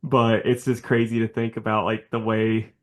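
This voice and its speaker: A man co-hosting a podcast in casual chat, animated and acting out quoted characters for laughs. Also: lowish voice, normal speed. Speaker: podcast co-host.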